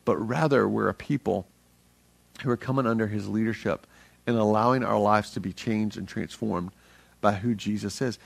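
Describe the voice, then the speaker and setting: A middle-aged man preaching a sermon as a pastor, energetic and earnest, speaking conversationally with frequent restarts. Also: lowish voice, moderate pace, gravelly, slightly rough, no room sound.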